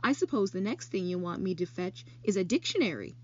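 Woman voicing a cranky male rat for a storybook reading, husky, dull lo-fi sound. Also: expressive, fairly quick, darkish tone. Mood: grumbling. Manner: grumbling, high-pitched. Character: grumpy male barn rat, put-upon.

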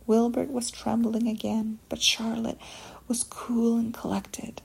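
A woman reading a storybook aloud in a slow, gentle, soft whisper. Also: a little high, monotone, vocal fry, husky, rough recording.

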